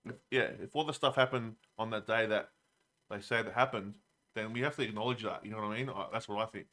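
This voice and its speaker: A man's voice: fairly low pitch, steady tone, fast talker, pushed and bright. A man in a casual podcast chat, earnest and hesitant, repeating words as he works out his view.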